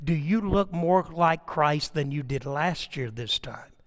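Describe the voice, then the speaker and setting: A man's voice: fairly high pitch, lively intonation, measured pace. An older man preaching a sermon, telling personal stories and building to impassioned, emphatic appeals. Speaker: pastor.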